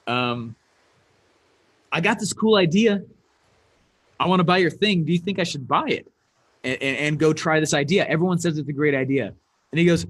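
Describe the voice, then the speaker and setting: A man with a high, light voice gives an animated business talk from a stage. The sound is dry and close, with little room around it, and he rises to near shouts on his key points. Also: normal speed, long pauses, no echo. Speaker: speaker.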